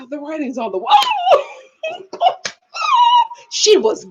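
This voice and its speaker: Animated, high-voiced woman reviewing TV. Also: very slow, a little hiss or hum. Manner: dramatic, laughing storyteller. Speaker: reality TV reviewer. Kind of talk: live review commentary.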